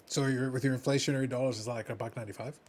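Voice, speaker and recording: A Canadian man co-hosting a casual live stream, reading chat messages aloud with teasing sarcasm, sometimes muttering and sometimes shouting. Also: medium pitch, steady tone, very fast. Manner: sarcastic, teasing, dramatic swings between mutters and loud outbursts.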